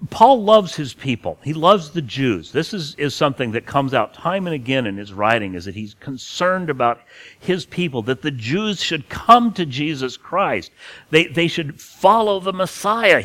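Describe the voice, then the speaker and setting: A preacher whose voice sits on the high side and sounds fairly bright earnestly teaches through a passage of scripture. He stresses key words and sometimes starts phrases over.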